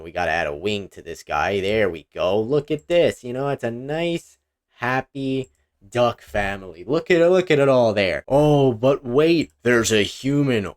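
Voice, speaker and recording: A man giving goofy, self-mocking commentary as he draws, rambling and restarting often, at a desk mic with headphones. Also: fairly low pitch. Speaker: online video creator. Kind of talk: joking commentary while drawing. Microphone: desk mic with headphones, face cam.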